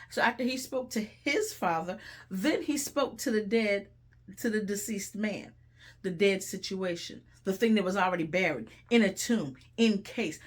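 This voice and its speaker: A middle-aged woman hosting and preaching a sermon-style Bible teaching, animated and conversational with folksy asides and repeated phrases. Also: medium pitch. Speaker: host and preacher.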